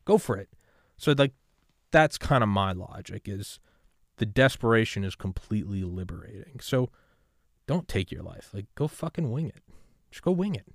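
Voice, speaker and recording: A lower-voiced man hosts a podcast from a room at home, talking casually and cursing often. He rambles from hushed, mumbled thoughts into loud, revved-up encouragement. The sound is dry and close, with little room echo. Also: lively intonation, moderate pace. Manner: rambling, profane, swings from subdued to loud and fired-up. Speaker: podcast host. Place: home room with gaming setup.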